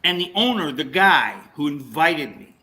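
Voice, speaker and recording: Lively, bright-voiced male storyteller. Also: a little high, unhurried, low-quality recording. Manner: animated storyteller, acts out quotes. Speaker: musician telling a story. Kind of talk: casual chat.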